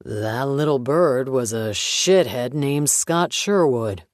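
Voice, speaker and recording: A man voicing a forty-something retired FBI agent, speaking slow, low and sardonic. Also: animated, dry recording, clean studio sound.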